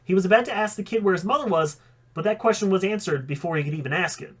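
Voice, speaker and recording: A man's voice: high-pitched, fast talker, a bit bright, slightly rough. A man reading a fan story aloud, with occasional slips that he corrects. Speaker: audiobook reader.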